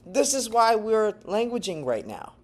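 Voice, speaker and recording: A man from Texas talking to camera in a casual vlog monologue, animated and digressive, jumping between loud bursts and low murmurs and laughing often. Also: a little slow. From Texas, United States. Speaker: language-learning vlogger.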